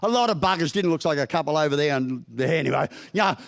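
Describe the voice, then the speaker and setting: Joking Australian man, high-pitched storyteller. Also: lively intonation, quick pace, creaky. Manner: broad, joking storyteller with crude humour. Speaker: guest speaker. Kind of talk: motivational after-dinner talk. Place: function room at a business breakfast.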